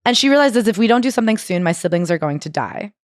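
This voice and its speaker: A woman's voice: mid-range voice, expressive, quick pace, no room sound, clean studio sound. A woman co-hosting a podcast, retelling a memoir in casual chat and acting out quotes. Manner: chatty, acts out quotes with swearing. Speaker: podcast co-host.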